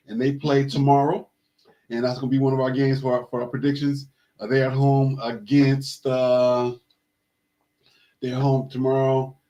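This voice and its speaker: A man hosts a casual sports talk show in an ordinary mid-range voice. He rambles through shout-outs and congratulations and often restarts his sentences. He steers the talk to the topic of the week. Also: mid-range voice. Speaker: host.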